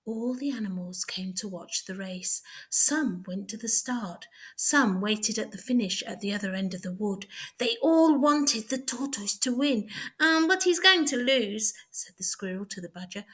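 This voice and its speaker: A woman tutor reading a children's story aloud, clear, deliberate and expressive. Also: medium pitch.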